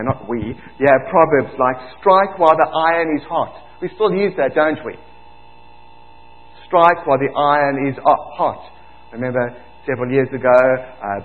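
A man with a South African accent preaching a sermon as pastor, earnest and building to emphatic exclamations. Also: mid-range voice. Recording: tinny phone-like sound.

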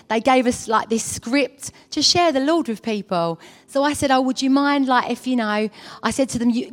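Earnest woman sharing testimony. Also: high-pitched. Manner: earnest, chatty storytelling with many fillers. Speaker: church member giving testimony. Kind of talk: personal testimony. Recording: long hall reverb.

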